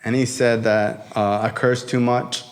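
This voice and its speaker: Before a crowd in a convention hall, a young man tells stories about his recovery in a storytelling speech. He's animated, acts out quoted voices and swears often, speaking unhurriedly in a mid-range voice.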